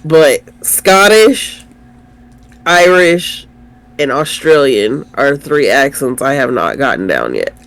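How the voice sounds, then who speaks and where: A man co-hosting a casual review chat, chiming in with quick agreeing replies and playful jokes. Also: medium pitch, very animated, fairly bright tone. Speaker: podcast co-host.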